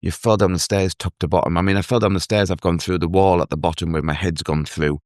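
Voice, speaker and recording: An earnest man telling his own story as a guest in an interview, halting and restarting as he speaks. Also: sits low, steady tone, a little mellow, dry recording, clean studio sound. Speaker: guest, mental health advocate. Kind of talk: emotional personal story in an interview.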